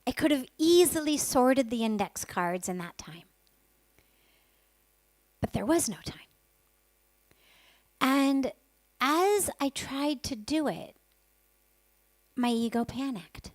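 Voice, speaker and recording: A woman's voice: high voice, lively intonation, slow pace, long pauses, dry recording. A woman who is a spiritual teacher tells a personal story candidly and vividly, sometimes dropping to a whisper for her inner thoughts.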